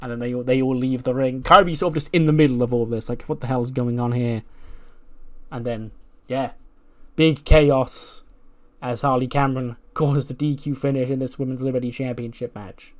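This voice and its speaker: A man's voice: medium pitch, steady tone, normal speed, darkish tone. A man casually narrating a wrestling management game, rambling with lots of fillers. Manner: rambling, lots of "like" and "you know". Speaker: let's play narrator.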